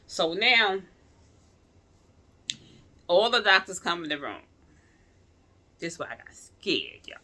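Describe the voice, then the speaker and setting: A woman casually telling her viewers a personal story in slangy speech, swinging from loud outrage to quiet pleading. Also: fairly low pitch, sing-song, takes it slowly, pauses often. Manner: slangy, addresses viewers as y'all.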